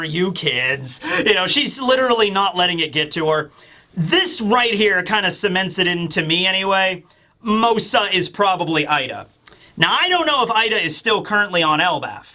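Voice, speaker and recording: Bright high-voiced man recapping excitedly. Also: moderate pace. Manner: animated, rambling, acts out quoted lines. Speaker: manga review YouTuber. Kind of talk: casual chapter recap commentary.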